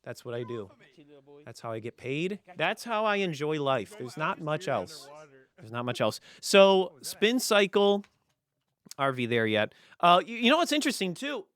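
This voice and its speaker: Smooth-voiced joking male podcast host. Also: fairly high pitch, no room sound, clean studio sound. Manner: rambling, joking, deadpan sarcasm. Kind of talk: casual comedic monologue.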